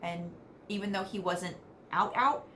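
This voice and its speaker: With a medium-pitched voice and a slightly slow delivery, a West Virginia vlogger shares family tales to camera. She keeps it chatty and casual, laughing between sentences and making animated asides, and there's slight background noise.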